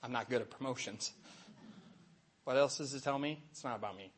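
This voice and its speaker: A middle-aged man, a Catholic catechist, giving a lively faith talk to an audience and acting out little voices in his stories. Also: medium pitch, fairly quick, breathy edge. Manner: animated storytelling, acts out voices and asides.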